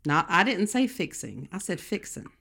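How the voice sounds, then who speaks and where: Southern woman podcast co-host, low voice with lively swings, teasing and giggly. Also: normal speed, vocal fry. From American South. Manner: playful, laughs often, drawls slang phrases. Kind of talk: casual chat.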